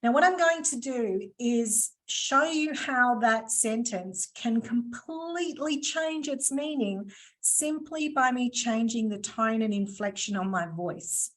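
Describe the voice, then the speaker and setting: A woman's voice: fairly high pitch, lively intonation, slow pace, a bit bright. Chatty woman leading an online workshop. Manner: chatty and playful, teasing asides. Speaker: workshop presenter. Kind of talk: live online training session. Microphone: video call.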